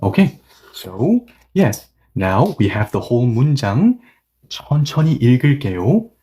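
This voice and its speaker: A man's voice: medium pitch, big pitch swings, fast, warm tone. A man teaching a language grammar lesson, patiently repeating and restating each point and reading example sentences aloud at several speeds.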